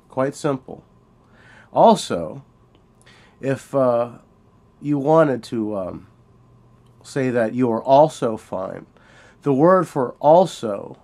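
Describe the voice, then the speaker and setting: A man giving a spoken language lesson, slowly sounding out example phrases and repeating them for the learner. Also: mid-range voice, lively intonation, dark tone. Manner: slow, deliberate, repeats example phrases with emphasis. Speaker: language teacher. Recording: home-made audio lesson.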